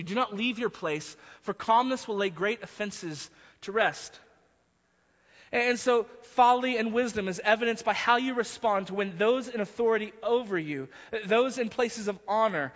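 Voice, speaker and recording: A man's voice: sits high, fairly bright tone. A man preaching a sermon in an emphatic way, often repeating words as he builds a point. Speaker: pastor. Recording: muffled hall recording.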